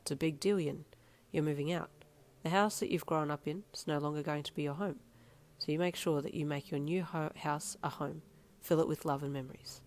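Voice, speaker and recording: A woman voicing a gruff, blunt middle-aged father who is caring underneath. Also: sits low, fairly even intonation, brisk, close to an everyday voice. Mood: tender. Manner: snappy, then gently fatherly.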